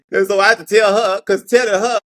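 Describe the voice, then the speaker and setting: A man's voice: high-pitched, flat delivery, normal speed, fairly bright tone. A man hosting his own commentary vlog. He talks casually and animatedly, laughs often and repeats words as he goes. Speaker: show host.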